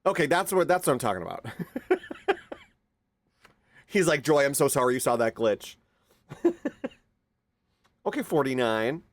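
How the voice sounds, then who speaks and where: A man's voice: mid-range voice, very animated, a little slow, pauses often, no room sound. A young man streaming live, chatting casually with his viewers and greeting them by name, now and then cooing at his pet. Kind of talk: casual livestream chat.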